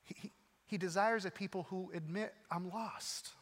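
A man's voice: high voice, fairly even intonation, brisk. Preaching man in a reverberant hall. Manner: earnest storytelling, swings from urgent to hushed. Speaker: pastor. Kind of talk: sermon with personal story.

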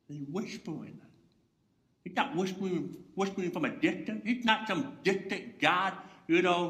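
A man preaching a sermon with a bright, sharp tone and a fairly high voice. He talks slowly and deliberately, moving between loud proclamation and soft, hushed near-whispers. The room around him is echoey. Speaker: pastor.

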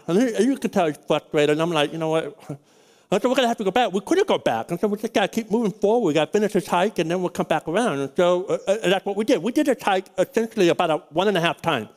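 A man's voice: high voice, expressive, quick pace. A middle-aged male pastor telling a personal story in a sermon, folksy and rambling, with frequent restarts.

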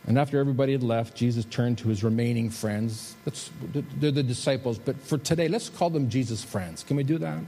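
A male pastor delivers a sermon, swinging between emphatic, lifted phrases and quiet, drawn-out drops. His voice carries a long reverb from a large hall. Faint background noise sits under it. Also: medium pitch. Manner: preaching with emphatic rises and soft drops. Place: church sanctuary.

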